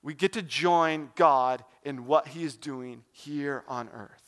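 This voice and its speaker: High-voiced young man preaching casually. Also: takes it slowly, fairly bright tone. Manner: conversational, asks the audience questions. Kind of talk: casual sermon.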